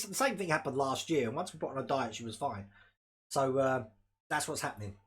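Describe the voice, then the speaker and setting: Husky, animated man chatting live. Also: a little high. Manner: chatty, rambling, laughs often, talks to his dog. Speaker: hobby model-build livestream host. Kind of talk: casual live-stream chat. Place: home hobby room.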